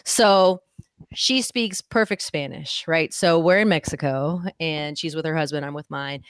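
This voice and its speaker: A woman with a notably deep voice tells stories frankly and directly on a podcast. Her delivery is candid and lively with anecdotes, recorded dry and close. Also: unhurried, smooth, no echo. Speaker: podcast guest. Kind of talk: casual podcast conversation.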